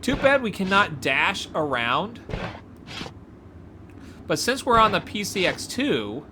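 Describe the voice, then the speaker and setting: A woman gives excited gameplay commentary, often gasping and exclaiming as she explores. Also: mid-range voice, takes it slowly, noisy background. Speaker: gameplay video creator.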